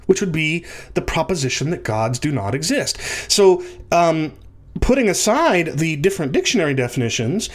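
Male commentator, a bit high-pitched, animated, explaining step by step for a video. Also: normal speed. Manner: animated, pitch swooping up for emphasis.

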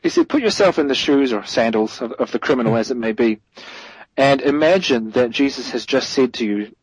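A man's voice: mid-range voice, expressive, a little fast, breathy edge, dry recording, rough recording. A man as a guest theologian, giving a thoughtful explanatory answer in an interview, correcting himself as he goes and stressing key points.

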